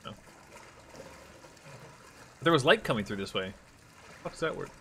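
A man's voice: medium pitch, sing-song, measured pace, creaky, bright, forceful tone, slight background noise. A young man streaming a horror game, jumpy and swearing, laughing nervously as he plays. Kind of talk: let's play commentary.

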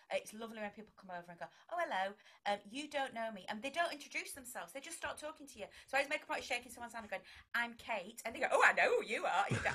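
A woman's voice: on the high side, sharp tone. A middle-aged woman, a vicar and broadcaster, chatting in an interview and acting out quoted exchanges. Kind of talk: conversational interview.

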